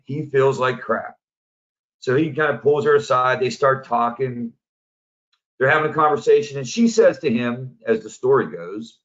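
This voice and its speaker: A man who works as a positive psychology coach, giving a casual, animated storytelling presentation. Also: mid-range voice, normal speed. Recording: dull lo-fi audio.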